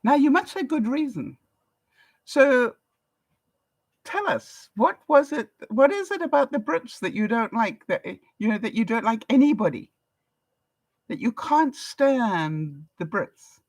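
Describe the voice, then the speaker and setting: This time her voice sits on the high side and is very animated, though her pace stays measured. The older English vlogger from England chats on her live stream, reading comments aloud and laughing a lot, with no room sound.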